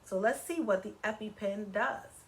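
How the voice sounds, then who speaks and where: An animated woman reading a picture book to children. She talks in a teacherly way and keeps pausing to ask her young listeners questions and get them to join in. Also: medium pitch, a little hiss or hum. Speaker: children's story reader. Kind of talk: read-aloud for children.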